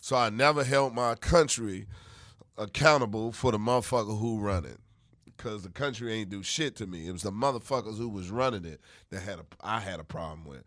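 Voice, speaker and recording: A man's voice: fairly low pitch, fairly quick, no room sound. A middle-aged man, a comedian, riffing in a brash, profane way during a studio podcast chat. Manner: brash, profane, shouting bits. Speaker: comedian guest. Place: radio studio. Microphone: studio mic.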